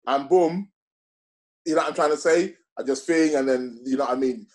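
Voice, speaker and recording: A man's voice: medium pitch, moderate pace. A middle-aged man telling stories in a casual interview, acting out what other people said and using lots of slang. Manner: animated, acts out other people's lines with slang-heavy talk. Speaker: interview guest. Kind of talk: casual storytelling chat.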